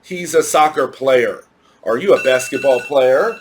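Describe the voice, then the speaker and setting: A man's voice: mid-range voice, lively intonation, measured pace. A man teaching English to children in a recorded lesson, explaining patiently with repeated examples.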